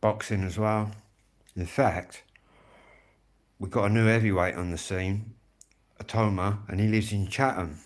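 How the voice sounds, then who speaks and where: A man with a Kent accent, speaking in a fairly low voice. He hosts his own music channel and chats on a live stream in a loose, rambling way. He swears freely and drifts from one point to the next. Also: steady tone, unhurried, long pauses. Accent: Kent English. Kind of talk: casual live-stream chat.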